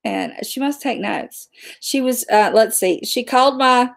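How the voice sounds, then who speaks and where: A woman's voice: a little high, moderate pace, gravelly. A woman hosting a casual chat, talking in a chatty way with laughing asides. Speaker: host.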